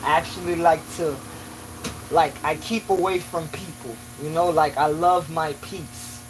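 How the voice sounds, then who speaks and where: A man's voice: a little high, fairly even intonation, unhurried, slight background noise, poor audio. A man hosting a casual live stream from his small office at work, talking in loose phrases full of "you know". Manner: talks in loose run-on phrases, many "you know" fillers; grows loud and preaching when riled. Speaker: livestreamer.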